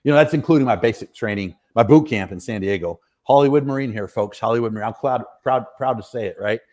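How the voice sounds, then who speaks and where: A man's voice: mid-range voice, fast, a little mellow. A middle-aged American man, a retired soldier, telling stories as a podcast guest in an earnest, rambling way with frequent laughs. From United States. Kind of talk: casual interview storytelling.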